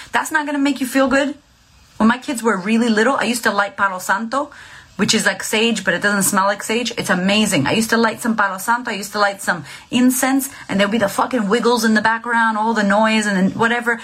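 Woman, husky voice, blunt and profane, emphatic coaching, casual video monologue. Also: fairly high pitch, fairly bright tone. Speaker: vlogger giving mental health tips.

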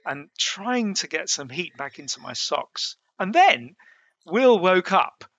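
A man, sounding and middle-aged, telling a harrowing climbing story in a halting, restarting way. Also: high-pitched, very animated, fairly bright tone, no room sound, highs cut off. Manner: halting, with many restarts and fillers. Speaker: mountaineer telling his story. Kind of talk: casual spoken storytelling.

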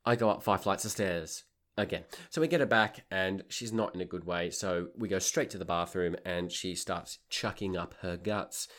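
Wry, lower-voiced man telling a story. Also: moderate pace. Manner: wry, exasperated, animated. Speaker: tour leader and podcast host. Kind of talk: comic storytelling anecdote.

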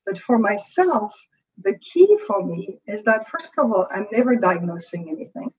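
A woman's voice: mid-range voice, sing-song, normal speed, a little mellow, breathy edge, dull audio. A woman with a French accent, a creativity coach, explaining ideas in a conversational interview and often checking in with "right?".

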